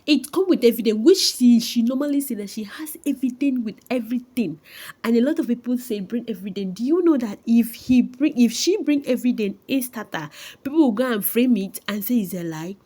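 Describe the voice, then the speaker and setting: Mellow-voiced woman commenting. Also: fairly high pitch, animated, brisk. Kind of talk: casual commentary.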